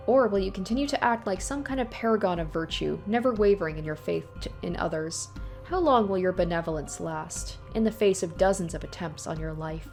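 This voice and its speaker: A woman's voice: on the low side, a little mellow, soft background music, natural voice. A woman voicing a sneering old tyrant ghost. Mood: taunting. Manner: sneering, taunting, slow and menacing. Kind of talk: reading a visual novel aloud.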